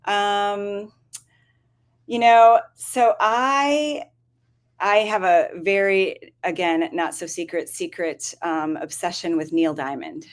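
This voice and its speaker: A woman talks casually as a guest on a show, chatty and relaxed, full of ums and you-knows. Her voice sits at an ordinary middle pitch. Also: slow. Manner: chatty, with frequent fillers and laughs. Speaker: dietitian guest. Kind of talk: casual chat.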